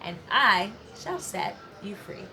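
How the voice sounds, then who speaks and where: A woman's voice: medium pitch, slow, slight background noise, heavily acted. Bold little kenki dumpling, female, unafraid; woman reader plays her. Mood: defiant. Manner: calm and defiant. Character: brave bold female half ball of kenki.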